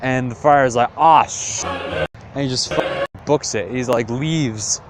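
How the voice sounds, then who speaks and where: A man's voice: mid-range voice, slow, soft background music. A young man retelling a classic tale as comedy, rambling and slangy with lots of fillers. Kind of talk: comic casual retelling.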